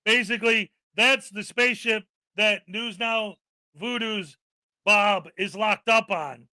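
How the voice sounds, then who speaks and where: A man co-hosting a live stream in casual chat, joking and mocking, quick to laugh. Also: high voice, pushed and bright.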